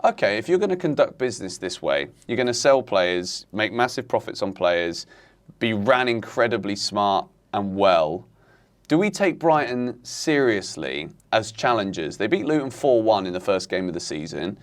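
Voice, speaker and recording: A man hosting a casual football chat, talking in animated, exasperated rants. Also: on the low side, normal speed. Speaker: football podcast host.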